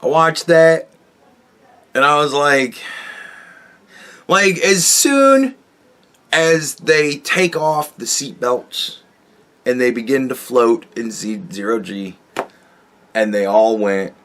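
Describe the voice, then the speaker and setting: Slow-talking exasperated ranting man. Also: mid-range voice, steady tone, fairly bright tone. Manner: exasperated, profane, sarcastic, many restarts. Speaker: podcast host. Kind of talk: casual solo rant.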